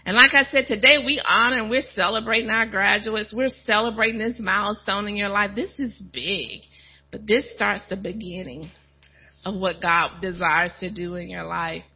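A husky, middle-aged woman preaches a testimony to her church, lively and full of playful asides. The recording is muffled and lo-fi. Her pitch sits in an ordinary middle range for a woman. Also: moderate pace. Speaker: first lady of a church, preaching. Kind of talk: sermon testimony.

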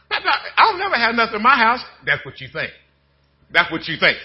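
Husky, high-voiced preaching man. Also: huge pitch swings, fast talker. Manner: folksy preaching, swings from low murmurs to shouted bursts. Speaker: pastor. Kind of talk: sermon.

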